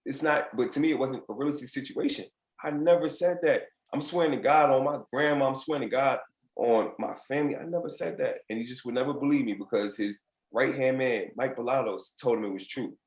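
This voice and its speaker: A man in his late twenties tells his story at a quick clip, in casual, profane, candid talk. His voice sits at an ordinary mid pitch for a man. The room around him rings with a noticeable echo. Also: a little mellow. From United States, Virginia. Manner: candid, profane, reenacts quotes in other voices. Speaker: podcast guest, former basketball player.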